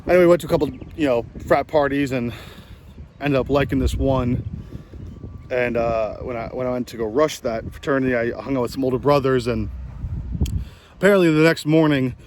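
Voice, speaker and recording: A man's voice: mid-range voice, fairly quick, noisy background. A man in his late twenties with a New Jersey accent, telling rambling, self-deprecating stories while out playing golf. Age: 20s. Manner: rambling, self-deprecating, many fillers and restarts. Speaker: vlogger. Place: outdoors on a golf course.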